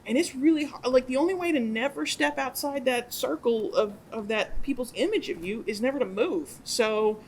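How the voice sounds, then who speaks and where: A woman speaking casually at a writers' workshop, animated and chatty. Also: sits high, normal speed, few pauses, slight background noise, poor audio. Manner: animated, chatty, laughs easily. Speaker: guest speaker on writing.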